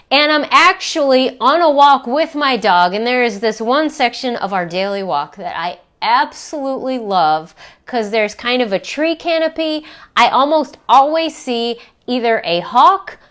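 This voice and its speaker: A woman's voice: high voice, fairly bright tone. A middle-aged woman coach talking frankly and reflectively about her own struggles, with casual swearing. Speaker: self-help coach. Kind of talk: candid personal vlog talk.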